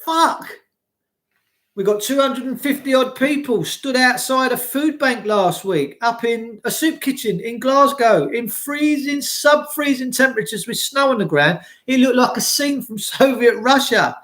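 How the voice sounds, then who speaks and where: A man's voice: extremely high pitch, expressive, measured pace, a bit bright. A man delivering an impassioned, ranting monologue, full of swearing and rhetorical questions.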